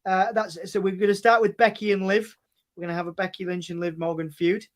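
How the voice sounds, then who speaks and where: A man's voice: sits high, steady tone. A man guest in a casual online chat, speeding through a list with many fillers. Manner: rapid listing with many fillers. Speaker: guest co-host.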